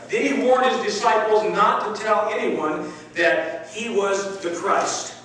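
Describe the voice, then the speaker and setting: A male pastor preaching a sermon, stressing key words and repeating phrases with pauses. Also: high voice, fairly bright tone, distant mic, a little hiss or hum. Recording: echoey room, heard from afar.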